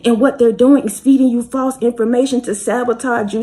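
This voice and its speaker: A woman's voice: on the high side, fairly even intonation, normal speed, few pauses, dark tone. A woman speaking passionately to her viewers, repeating her points and urging them directly. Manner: fervent and repetitive, urging listeners directly. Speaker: spiritual reader. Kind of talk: passionate motivational address to viewers.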